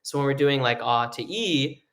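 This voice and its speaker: A man teaching a live online singing lesson, explaining in a relaxed way with lots of ums and likes. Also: medium pitch, normal speed. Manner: relaxed explaining with many fillers, breaking into sung vocal demos.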